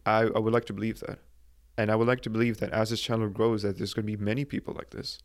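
Earnest low-voiced young man. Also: level tone. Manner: earnest, halting, many filler "like"s and restarts. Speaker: podcast host. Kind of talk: solo motivational podcast monologue.

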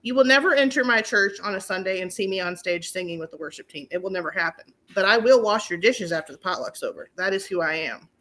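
A woman's voice: medium pitch, quick pace, few pauses. A middle-aged woman, telling stories in casual chat, acting out her own quotes. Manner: animated storyteller, acts out quotes, laughs often.

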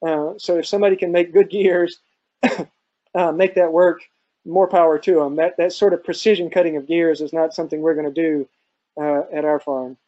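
A man's voice: on the high side, fairly even intonation, moderate pace, warm tone, muffled recording. A man answering questions in a live online talk, thoughtful and hesitant, with many fillers and restarts. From central Virginia. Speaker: guest speaker on off-grid farming.

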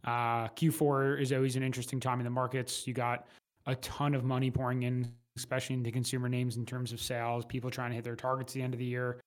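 A man speaking as an investment manager guest in a casual interview, measured and hesitant. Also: medium pitch, monotone. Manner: measured, hesitant with fillers and restarts.

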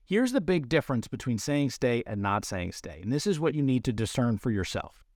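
On his podcast, a man explains dog training in a plain, practical way, leaning on everyday comparisons. His mid-range voice is sing-song, a little fast and a little mellow, sounding dry and close with no echo or room around it.

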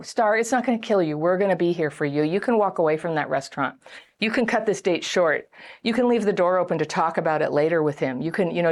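A woman's voice: fairly low pitch, a little mellow. A middle-aged woman hosting a self-help video, talking casually to camera, acting out quoted voices and laughing often. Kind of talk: casual advice talk to camera.

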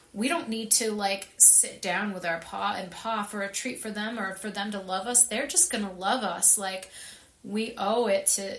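A woman guest on a podcast, speaking earnestly and warmly with lively emphasis about well-being. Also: medium pitch. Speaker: wellness guest. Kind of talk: casual interview chat. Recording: roomy echo.

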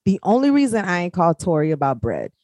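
A woman co-hosting a casual chat, teasing her friend and telling animated stories. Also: on the low side, quick pace, dry recording, studio quality. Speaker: co-host.

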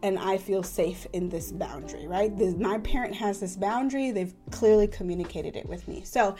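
A woman's voice: mid-range voice, moderate pace, music in the background. A woman in her thirties hosting a parenting podcast, talking casually and often checking in with "right?". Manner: conversational, says "right?" often, warm-toned explanations. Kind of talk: casual advice talk.

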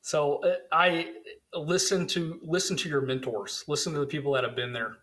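Male guest, 30s, higher-pitched, earnest and a bit halting; casual podcast talk. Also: steady tone, a bit bright. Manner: earnest, repeats words when starting. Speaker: guest recruiter.

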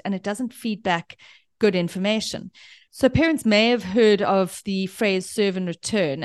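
A woman's voice: mid-range voice, no echo. Woman, parenting expert guest, long explanations with examples, dry close sound. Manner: explains at length with examples and analogies. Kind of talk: explanatory interview answers.

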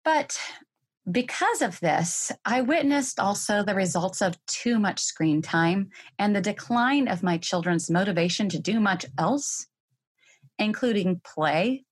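Candid, expressive woman podcast host. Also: medium pitch, unhurried, breathy edge. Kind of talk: solo podcast monologue.

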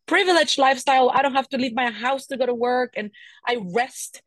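A woman's voice: high voice, fairly quick, dry recording. Podcast co-host, young pregnant woman, candid and weary, dry studio mic. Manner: emotional, venting, frequent "right?" asides. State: pregnant and tired. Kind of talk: candid casual chat.

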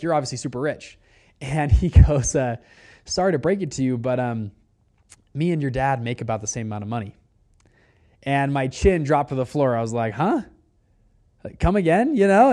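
A man in his twenties telling his story casually, acting out quoted dialogue with lively shifts in pitch. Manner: animated, acts out quoted dialogue with rising pitch.

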